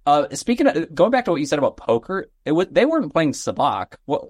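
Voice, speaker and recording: A man's voice: on the high side, very animated, a little fast, a little mellow, breathy edge, no room sound, clean studio sound. A man guest on a casual podcast, talking enthusiastically and breaking off his own sentences. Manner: enthusiastic, self-interrupting. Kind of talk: casual chat.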